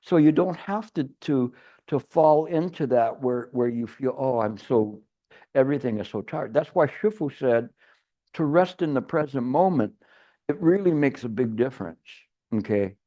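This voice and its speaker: A man's voice: medium pitch, expressive, normal speed, warm tone. A man giving a Chan meditation teacher's retreat dharma talk, rambling and restarting, with playful everyday examples. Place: retreat hall.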